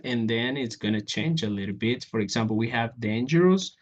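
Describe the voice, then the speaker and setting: Male English teacher, online lesson, steady mid voice, frequent check-ins. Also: mid-range voice, normal speed, few pauses. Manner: repeats "okay?" often, walks through examples on a board.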